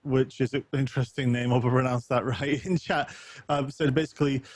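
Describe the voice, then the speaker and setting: A man's voice: mid-range voice, steady tone, fairly quick, darkish tone, breathy edge, dry recording. Man, podcast host, hesitant, restarts, reads chat, dry sound. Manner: hesitant, many ums and restarts, reads chat comments aloud. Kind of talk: casual podcast discussion.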